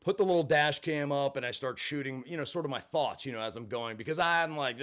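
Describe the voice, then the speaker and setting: A man's voice: mid-range voice, fairly quick, hardly any pauses, fairly bright tone. A middle-aged man telling a personal story to camera, candid and emphatic, swearing freely. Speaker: vlogger in recovery. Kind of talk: storytelling monologue.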